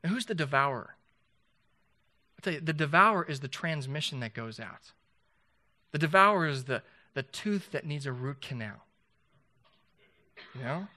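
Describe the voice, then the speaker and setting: A man's voice: a little high, animated, moderate pace, long pauses, sharp tone. A man preaching a sermon in a conversational way, asking the congregation rhetorical questions and often restarting his sentences. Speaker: pastor.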